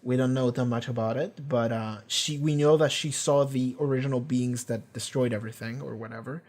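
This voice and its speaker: A man talking through a show episode in loose, unscripted chat, at a middle pitch for a man. He rambles, swears freely and fills gaps with ums and likes, growing keen when a favourite character comes up. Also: steady tone, brisk, a little mellow. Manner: rambling, profane, enthusiastic retelling with many fillers. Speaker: reaction channel host. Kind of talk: casual episode recap and discussion.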